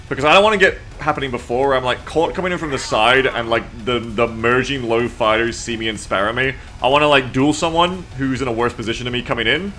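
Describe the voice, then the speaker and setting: A man in his thirties with a mixed Anglosphere accent that leans a little Australian, talking through a live game stream. His voice is bright and forceful at a middling pitch. He rambles and swears casually, with faint music playing under him. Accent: mixed Anglosphere, mildly Australian. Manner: rambling and chatty, swears, reads chat aloud. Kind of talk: casual gaming stream chat.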